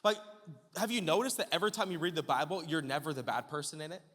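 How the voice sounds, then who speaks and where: Lively, bright-voiced preaching man in a hall. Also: a little high. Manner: animated preaching with rapid rhetorical questions; builds to shouting at climaxes. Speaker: pastor. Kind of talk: sermon. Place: church sanctuary. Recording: long church-hall reverb.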